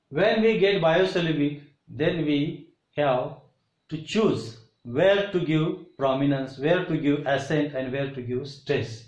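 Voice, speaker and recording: A man giving a pronunciation lesson, repeating example words slowly and deliberately. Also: a little high, reverberant, muffled recording. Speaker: teacher.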